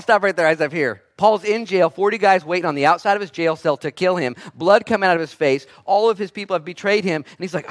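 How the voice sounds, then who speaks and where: A man preaching a sermon as pastor, swinging between quiet and loud delivery and acting out the voices he quotes. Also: high-pitched, fast talker, hardly any pauses.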